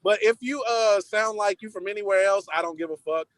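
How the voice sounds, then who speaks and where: A man's voice: high voice, fairly quick, fairly bright tone, no room sound. A man chatting as a guest on a casual podcast, blunt and playfully mock-formal.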